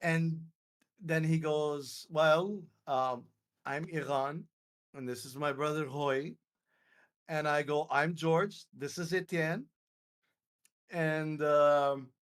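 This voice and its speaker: A young man from Lebanon hosts a live call on his stream, telling a story in casual chat, acting out what people said and swearing plenty. He speaks slowly with frequent pauses, in a steady, fairly bright voice on the high side.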